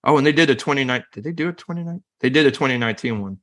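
A man co-hosting a relaxed movie podcast. He rambles and restarts his sentences as he goes, laughing easily. His voice sits at an ordinary middle pitch. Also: very fast. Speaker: podcast co-host. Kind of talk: casual chat about movies.

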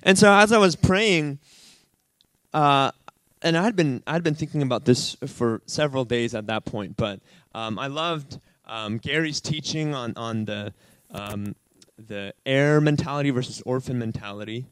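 A man giving an earnest, animated testimony to a church gathering, rambling and restarting as he talks. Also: mid-range voice, measured pace, no echo, rough recording. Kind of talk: informal sermon sharing.

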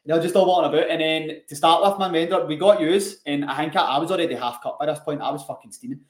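A man's voice: a little high, fast. Laughing man, echoey room. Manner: swearing, laughing storyteller. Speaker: podcast co-host. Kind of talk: casual chat.

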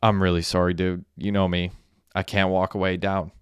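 A man reading the lines of a young man in an audiobook, in a soft, subdued delivery. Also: on the low side, steady tone, brisk, clean tone, dry recording, lightly acted.

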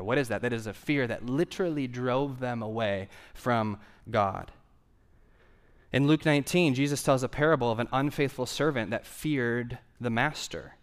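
A man's voice: mid-range voice, normal speed. Man preaching with rhetorical questions. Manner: conversational, asks the audience rhetorical questions; repeats key phrases for emphasis. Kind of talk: sermon.

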